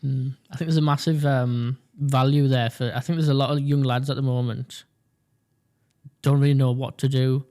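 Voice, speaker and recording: A man hosting a podcast, asking measured questions in a casual interview. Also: mid-range voice, level tone, warm tone. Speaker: podcast host.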